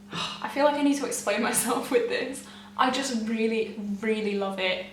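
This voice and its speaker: Excitable young woman vlogging, kinda high voice, roomy echo, mic a bit far off. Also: moderate pace, a little hiss or hum. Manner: gushing and excitable; chatty with frequent laughs. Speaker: beauty vlogger. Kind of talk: casual chat to camera. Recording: echoey room, mic at a distance.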